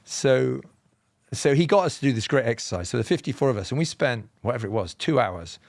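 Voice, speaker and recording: A man from England with a southern, BBC-style received pronunciation accent, telling personal stories as a podcast guest in a measured, explanatory way with self-deprecating humour. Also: mid-range voice, expressive, gravelly, no echo. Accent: Southern English, BBC-style received pronunciation. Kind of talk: reflective personal storytelling.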